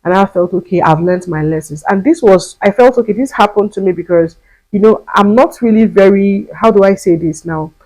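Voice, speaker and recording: A young woman with a Nigerian accent tells a storytime vlog, her voice slightly husky and mid-pitched. She talks in an animated way, repeating phrases for emphasis and dropping into pidgin. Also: brisk, rough recording. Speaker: vlogger.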